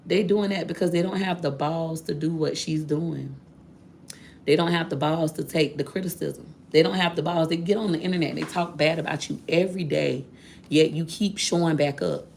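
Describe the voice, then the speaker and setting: A woman's voice: low voice, steady tone, normal speed, vocal fry, darkish tone, a little hiss or hum. A woman vlogger telling viewers a personal story in a candid, chatty way, addressing them directly.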